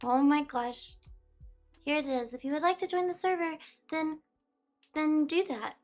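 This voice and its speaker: A woman with a high voice chats casually with her viewers, reading their messages aloud and often losing her train of thought. Soft music plays faintly behind her in a warm indoor room. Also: a little slow. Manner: chatty, reads chat aloud, easily distracted. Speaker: livestreamer.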